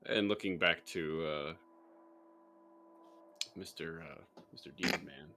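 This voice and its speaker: A man playing a tabletop role-playing game who speaks in a halting, hesitant way. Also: sits low, noisy background. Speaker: player. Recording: faint music behind.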